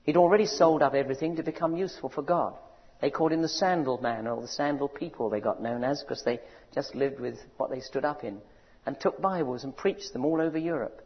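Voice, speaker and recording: A man preaching a sermon, building to loud rousing cries and asking his audience questions. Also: mid-range voice, a little fast. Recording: dull recording in a large reverberant hall.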